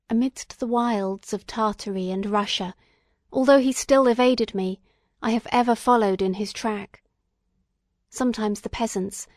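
A woman reading a classic novel aloud as an audiobook, in a solemn, measured narration. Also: fairly high pitch, dry recording, clean studio sound. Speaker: audiobook reader. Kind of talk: scripted narration.

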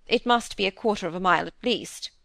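A woman's voice: medium pitch, sing-song, fairly bright tone, no room sound, clean studio sound. Woman voicing a commanding elder lady. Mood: concerned. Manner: commanding, brisk. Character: authoritative elder aristocratic lady.

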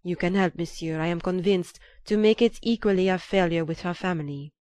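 A woman voicing an earnest, humble young Frenchman who speaks with quiet, pleading insistence. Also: lowish voice, brisk, dry recording, clean studio sound, close to an everyday voice.

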